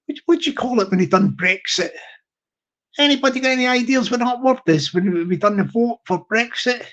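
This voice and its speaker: A man hosting a livestream, rambling through a comic monologue with halting starts and repeated phrases. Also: extremely high pitch, fairly bright tone. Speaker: livestream host. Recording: slightly muffled audio.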